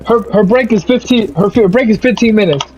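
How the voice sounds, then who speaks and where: A young man streaming a game, telling a profane, animated story about a bad work shift. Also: sits high, a little fast. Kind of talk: casual rant over gameplay. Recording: slightly muffled, faint music.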